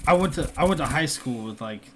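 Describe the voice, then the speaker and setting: A man trades sardonic, profane banter as a podcast co-host. His voice sits slightly high for a man and swings widely in pitch. He stays relaxed and dry even as he teases. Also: fairly quick. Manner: laid-back, sardonic banter with swearing. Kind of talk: casual chat.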